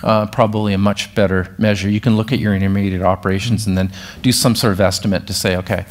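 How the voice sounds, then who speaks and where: A man with a fairly low voice explains technical rules of thumb at a conference. He talks conversationally with occasional fillers. He trades remarks with a co-presenter. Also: little pitch movement, quick pace. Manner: conversational, anecdotal, some fillers.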